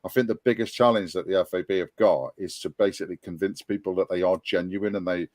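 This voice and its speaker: A man of about fifty from Liverpool and North Wales, with a Scouse accent, is a guest on a casual podcast and an applicant for a fan board. He talks earnestly and rambles, full of restarts and ums. His low voice is fast, fairly even in intonation, darkish in tone, with no echo.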